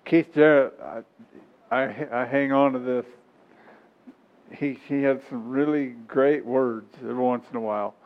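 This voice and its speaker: A man's voice: medium pitch, a little slow. A man preaching a sermon in a folksy, repetitive style, chuckling now and then. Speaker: pastor. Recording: tinny phone-like recording.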